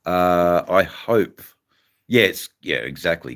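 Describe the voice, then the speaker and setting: A man's voice: low voice, slow. An Australian man hosting a livestream, chatting in a rambling, casual way and greeting viewers by name. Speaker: livestream host.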